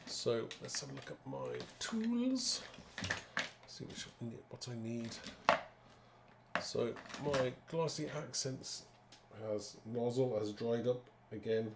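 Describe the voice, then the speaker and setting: A man's voice: mid-range voice, lively intonation, takes it slowly, creaky. Brief: man, live craft demo host, chatty, in a roomy echoey studio with faint noise. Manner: chatty, talks to viewers while working. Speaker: card-making demonstrator.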